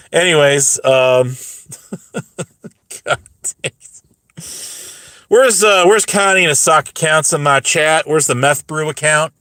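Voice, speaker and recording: A man's voice: fairly high pitch, takes it slowly, long pauses, pushed and bright, smooth, no room sound. A man in his forties hosting a livestream, ranting sarcastically to his chat, rambling with restarts while his voice runs dry. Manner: sarcastic, mocking, talks straight to chat; rambling with frequent restarts and stumbles. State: voice getting dry. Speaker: livestream host. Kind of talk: casual livestream rant to chat.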